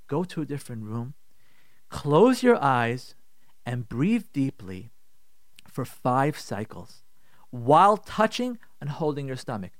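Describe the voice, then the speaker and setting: The speaker, a middle-aged man, is a rabbi hosting a radio advice show, where he talks animatedly, repeats his points with emphasis, and dramatizes the grievances he quotes. He speaks at a medium pitch, captured in clean studio sound without echo.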